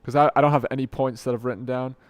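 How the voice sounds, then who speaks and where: A man's voice: mid-range voice, fairly even intonation, rapid-fire, clear, resonant tone, dry recording. A young man hosting an unscripted solo podcast late at night, rambling and correcting himself as he jokes at his own expense, into a desk mic at home. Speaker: podcast host. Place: home room at night, dim light.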